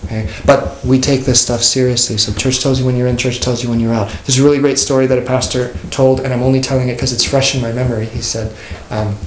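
Casual joking pastor in an echoey room. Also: male voice, medium pitch, flat delivery, fast talker, few pauses. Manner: conversational, joking, acts out quoted people. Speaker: pastor teaching a class. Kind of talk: informal catechism class. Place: church classroom. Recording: echoey room with faint noise.

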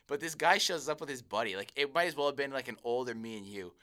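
A man's voice: mid-range voice, animated, fast talker, bright, forceful tone. A young man co-hosting a podcast, telling rambling stories in casual chat and laughing often. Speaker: podcast co-host.

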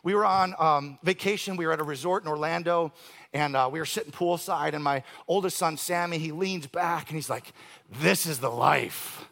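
A man in his forties preaching a sermon from the pulpit. His voice sits high for a man and has a gravelly edge. He swings from forceful declarations to near-hushed moments, then drops into casual, dry-humored asides. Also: fairly quick. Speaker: pastor.

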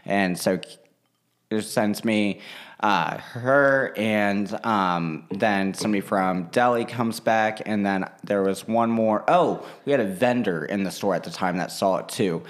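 A young man chatting casually, telling a work story in an animated, profane way and acting out what people said. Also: on the low side, measured pace. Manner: animated, swears freely, slips into quoting people.

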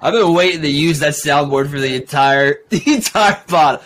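A man's voice: fairly high pitch, normal speed, a bit bright, a little hiss or hum. A young man co-hosting a podcast, chatting in a laid-back, bemused way. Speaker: podcast co-host. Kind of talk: casual podcast chat.

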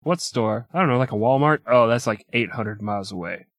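A man's voice: medium pitch, fairly quick, no room sound, clean studio sound. A man co-hosting a casual comedy podcast, joking and swearing as he talks. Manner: jokey, swears, bursts into silly old-timey gangster voices. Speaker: podcast co-host.

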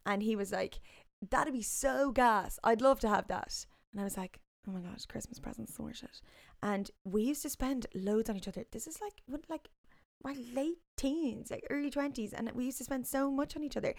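A young Irish woman in her twenties telling stories in a casual chat, lively, with bits of acted dialogue. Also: a little high, brisk, creaky, dry recording. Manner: animated storyteller, slips into whispers and put-on voices. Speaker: guest.

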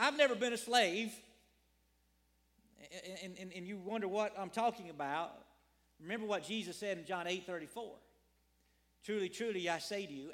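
A man's voice: sits high, fairly bright tone. A man preaching a sermon as a pastor, earnest, repeating phrases and asking his congregation questions.

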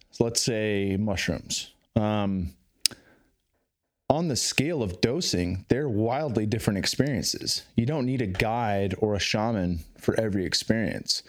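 Low-voiced man telling stories casually. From California, Bay Area. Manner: rambling, loose, with frequent fillers and restarts. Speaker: podcast guest. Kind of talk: casual conversation.

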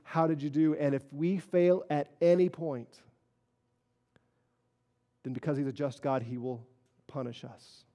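A man preaching a sermon as pastor, earnest, moving between quiet solemn stretches and emphatic rises. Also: mid-range voice, unhurried, long pauses, big-room sound.

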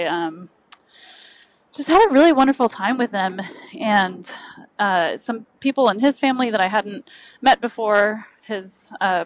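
A woman's voice: mid-range voice, poor audio. A woman chatting casually as a podcast co-host, laughing often. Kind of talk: casual chat.

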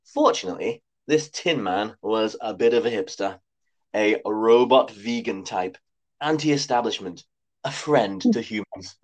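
A man's voice: on the low side, expressive, unhurried. A man reading his own comic story aloud with dry, wry asides. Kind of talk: comic scripted narration.

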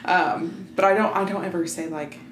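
A woman's voice: on the low side, fairly even intonation, normal speed. A woman in her twenties from the American South, co-hosting a podcast in easygoing, chatty talk. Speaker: podcast co-host. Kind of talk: casual chat. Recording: echoey room with faint hiss.

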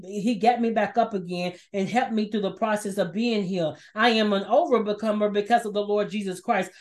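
A woman's voice: on the high side, a little mellow. A woman preaching an emotional, repetitive sermon and sharing her own testimony of struggle. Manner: passionate, repetitive, emphatic; shares personal testimony.

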